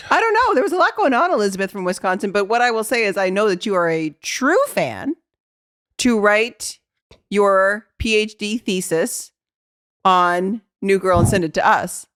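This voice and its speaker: A woman's voice: medium pitch, lively intonation, moderate pace, fairly bright tone, no echo, clean studio sound. A woman co-hosting a casual chat podcast, chatty and teasing, laughing often. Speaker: podcast co-host.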